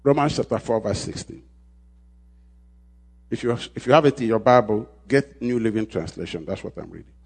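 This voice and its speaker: Husky preaching man, call and response. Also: on the low side, lively intonation, normal speed, pauses often. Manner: call-and-response preaching, repeating phrases, swings from shouting to quiet. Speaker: pastor. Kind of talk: sermon.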